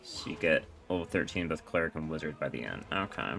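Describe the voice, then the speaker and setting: Male streamer, casual and profane, very deep with a gravelly edge. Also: lively intonation, a little fast, a bit bright, faint music behind. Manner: casual, profane, explaining game mechanics. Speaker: streamer playing a role-playing game. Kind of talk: casual gameplay commentary.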